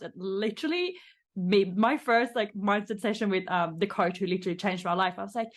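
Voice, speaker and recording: A woman's voice: mid-range voice, normal speed. A woman hosting a casual podcast conversation, chatty, swearing now and then and acting out quotes. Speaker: host.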